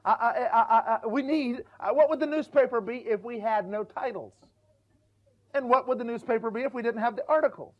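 Man preaching, high voice, folksy and repetitive, dull lo-fi church recording. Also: brisk. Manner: folksy, repeats words, acts out quoted voices. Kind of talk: sermon.

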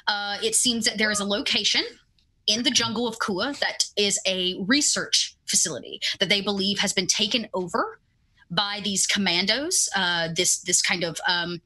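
Woman game master, bright clear voice, relaxed narration, many fillers. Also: mid-range voice.

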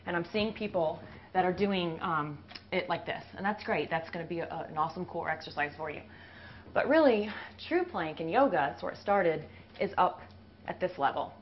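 A woman's voice: lowish voice, animated, moderate pace. A woman fitness instructor talking casually through a push-up demonstration, out of breath as she works. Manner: talks while doing push-ups. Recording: dull lo-fi video audio with faint hiss.

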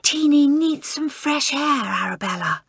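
A woman's voice: sits high, lively intonation, measured pace, creaky, fairly bright tone, no echo, studio quality, pitched above the performer's own voice, heavily acted. A woman narrator voicing a prim, officious schoolgirl tent monitor who gives orders in a stern hiss.

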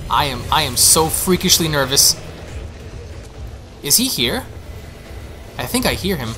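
A young man giving excitable, panicky let's play commentary, repeating himself as he goes. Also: a little high, a little slow, long pauses, soft background music. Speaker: gaming streamer.

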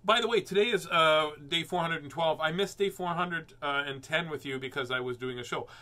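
A man's voice: a little high, moderate pace, crowd noise. A man hosting a live read-aloud of a children's book, chatting playfully between pages in a rambling, joking way full of fillers. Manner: rambling and jokey, with many fillers and silly sounds. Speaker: host reading children's books aloud.

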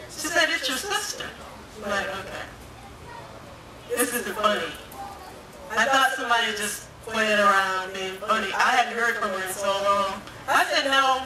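A woman giving a personal testimony as a guest speaker, telling her story and acting out the voices of people she quotes. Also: fairly high pitch. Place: domestic violence awareness walk event. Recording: echoey, distant, crowd noise behind.

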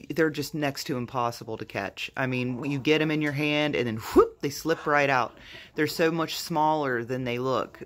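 Excitable, flustered homestead vlogger outdoors. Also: medium pitch. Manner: excitable, chatty, addresses viewers as "you guys", laughs often. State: flustered and jittery. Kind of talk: casual vlog narration to camera. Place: outdoors in a backyard with a quail coop.

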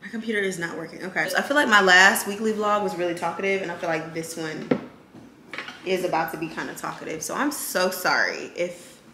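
This young vlogger has a fairly low, steady voice and a brisk delivery as she chats to camera. Background noise fills the echoey kitchen setting, and she talks to her audience as "y'all."

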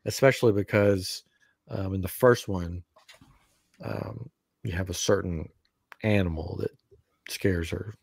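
A man's voice: low voice, a little slow, gravelly, pauses often, breathy edge, no room sound. A man in his thirties hosting a podcast, chatting casually and telling stories with lots of laughter. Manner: animated storyteller, laughs often. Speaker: podcast host. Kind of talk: casual chat.

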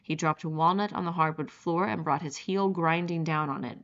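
Woman narrating an audiobook, lowish voice. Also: normal speed, muffled recording. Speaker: audiobook reader.

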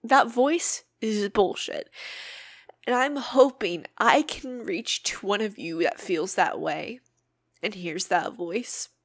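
A woman hosts her own podcast, speaking earnestly and emotionally, with plenty of swearing. Her voice sits in a middle pitch range. The recording is dry and close, with little room sound. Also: takes it slowly, no room sound. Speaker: podcast host. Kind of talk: personal podcast monologue.

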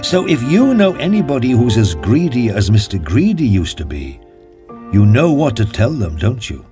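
A man narrating a children's cartoon story, emphatic and expressive. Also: mid-range voice, moderate pace. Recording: faint music behind.

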